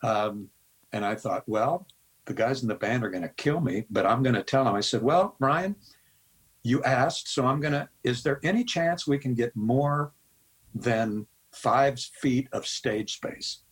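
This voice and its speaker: Older man from the Midwest, husky voice, rambling storyteller who quotes everyone. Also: medium pitch, expressive, unhurried, rough recording. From American Midwest. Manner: rambling anecdotes with laughs and quoted dialogue. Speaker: guest musician. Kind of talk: storytelling interview.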